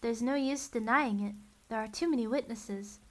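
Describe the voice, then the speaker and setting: Give me a woman playing a kind judge, gentle and careful. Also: a little high, moderate pace, close to an everyday voice. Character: kind tearful female judge.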